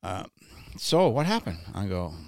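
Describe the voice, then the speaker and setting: A man's voice: fairly low pitch, very animated, measured pace, vocal fry, no room sound, clean studio sound. A man casually telling a personal story, blunt and profane, stammering and repeating words when worked up.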